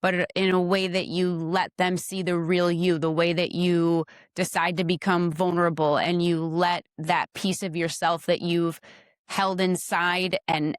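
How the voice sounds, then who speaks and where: Appearing as a guest on her husband's podcast, this woman talks openly about their marriage in a casual chat, offering blunt advice and playing out small conversations. Her voice sits on the low side, captured in studio quality with no echo.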